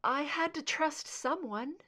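A woman's voice: high voice, takes it slowly, pitched above the performer's own voice. A woman reader voicing a hypnotized female agent who speaks in a slurred, hesitant, shaky way while recalling something frightening. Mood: fearful.

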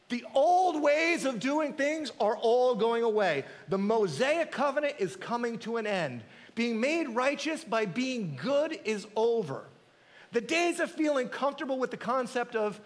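Animated male preacher in an echoey hall. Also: high-pitched, normal speed. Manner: dramatic, emphatic preaching with quoted voices. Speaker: pastor. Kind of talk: sermon.

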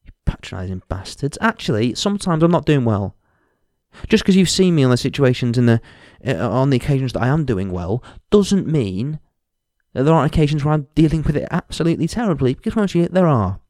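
A young man talks straight into the mic for his podcast, frank and sweary, poking fun at himself and mimicking others. His pitch sits in an ordinary middle range. The sound is dry and close. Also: animated, a little fast, a little mellow, dry recording. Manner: frank, sweary and self-mocking, with mocking impressions. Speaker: podcast host. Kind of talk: candid solo podcast monologue.

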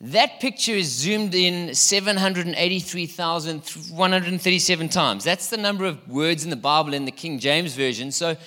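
A man's voice: a little high, moderate pace, hardly any pauses, sharp tone. A middle-aged man preaching a sermon in a church hall, chatty and playful, quizzing his congregation. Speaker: pastor.

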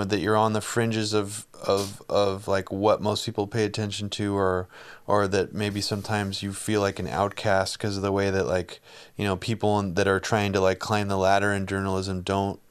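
A man interviewing in a casual conversation, talking in halting, restarting phrases. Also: on the low side, level tone, clear, resonant tone. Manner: halting, restarts often, supportive.

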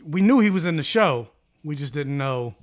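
A man's voice: on the high side, lively intonation, normal speed. A man in casual chat about a TV show, thoughtfully laying out theories with lots of fillers.

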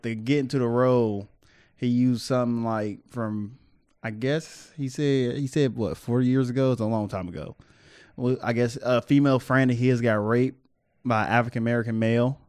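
A man's voice: mid-range voice, steady tone, moderate pace, clear, resonant tone, no room sound, studio quality. A young man co-hosting a podcast in casual chat, playful and teasing, talking in loose restarts. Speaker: podcast co-host.

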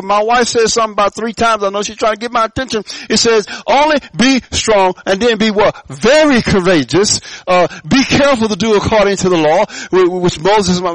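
A man preaching a sermon to a church, swinging between loud rising calls and quiet low asides, with frequent stammering restarts. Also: dry recording. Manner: preaching with sudden loud rises and soft drops. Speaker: pastor.

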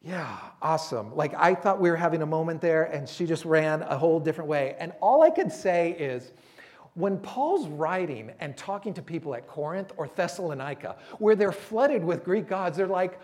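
A man's voice: fairly high pitch, lively intonation, moderate pace, a little mellow. A man preaching a sermon as a pastor, conversational and storytelling, voicing quotes from people he talks about.

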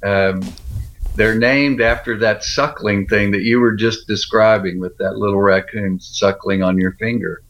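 A man's voice: fairly low pitch, fairly even intonation, unhurried, a bit bright. A man hosting a casual radio chat, explaining science in plain words. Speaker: radio show host, doctor.

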